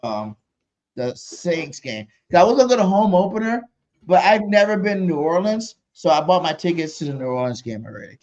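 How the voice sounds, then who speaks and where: Hyped man shouting his sports hot takes. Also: high voice, a little fast, lo-fi sound. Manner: loud, animated, repeats his hot takes. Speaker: podcast co-host. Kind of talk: hyped sports podcast chat.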